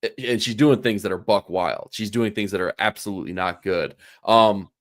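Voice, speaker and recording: Low-voiced man summarizing a comic. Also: moderate pace, no echo, studio quality. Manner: relaxed summarizing, hedges with fillers. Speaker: podcast co-host. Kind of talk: casual comic book discussion.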